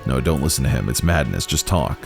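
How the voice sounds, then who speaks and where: A man hosts a let's play over music, reading the game's dialogue aloud and musing between lines. He reads every part with shifting voices, his rumbling low, gravelly voice animated and brisk.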